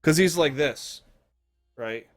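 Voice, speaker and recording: A young man streaming live, ranting and telling stories in a casual, profane, animated way. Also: on the high side, slow pace.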